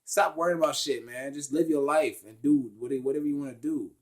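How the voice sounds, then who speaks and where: A young man in a casual spoken monologue, blunt, profane and preachy, growing loud and emphatic as he talks. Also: a little high, fairly quick. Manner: emphatic, rising to loud outbursts. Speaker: spiritual vlogger.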